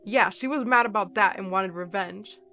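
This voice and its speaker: A woman voicing an angry, hurt young man who shouts and sneers as he accuses a friend in a horror story reading. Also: medium pitch, normal speed, soft background music. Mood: angry, accusing.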